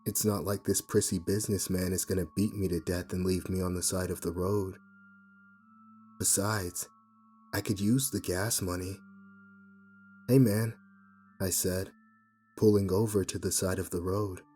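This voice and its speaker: A man reading a first-person horror story aloud in a measured storytelling manner. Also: low-pitched, little pitch movement, darkish tone, a little hiss or hum. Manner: measured storytelling with voiced dialogue. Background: faint music.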